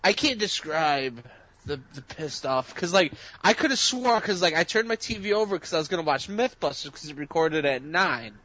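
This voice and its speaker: A man's voice: a little high, expressive, normal speed, pushed and bright. A man co-hosting a casual chat about TV shows, telling rambling, profane stories. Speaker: podcast co-host. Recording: dull lo-fi sound.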